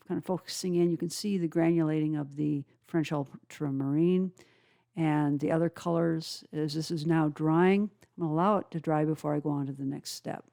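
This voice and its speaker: Female art instructor, low and mellow, calm step-by-step tutorial narration with filler pauses. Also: gravelly. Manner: unhurried, explains each step, frequent "uh" pauses. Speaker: watercolor instructor.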